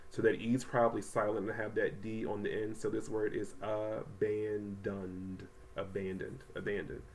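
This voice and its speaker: A man teaching a third grade reading lesson to children at home, talking casually with many ums and slowly sounding out words. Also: on the low side, darkish tone. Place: home, voice only over the packet pages. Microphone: close mic, not seen.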